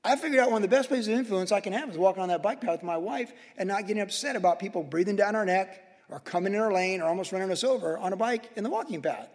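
A man in his sixties preaching a sermon, telling everyday stories in a loose conversational way with quick asides. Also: high voice. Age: 60s. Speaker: pastor. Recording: long hall reverb.

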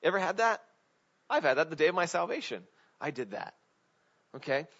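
A man's voice: a little high, lively intonation, fairly quick, a bit bright, husky. A man preaching a casual sermon, asking his congregation questions and leaning on filler words. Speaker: pastor. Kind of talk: conversational sermon. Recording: dull lo-fi recording.

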